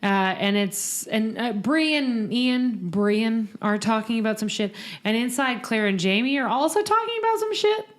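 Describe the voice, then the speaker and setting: A woman on a casual podcast, walking through the plot of an episode. She talks loosely, with quick asides and the odd swear word. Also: a little high, expressive. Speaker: podcast co-host. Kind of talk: casual chat.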